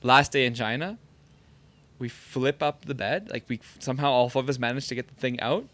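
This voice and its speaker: A man's voice: mid-range voice, a little fast. A man in a podcast studio, a former pro soccer player telling stories in a casual chat, full of "like". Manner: animated storyteller, heavy use of "like".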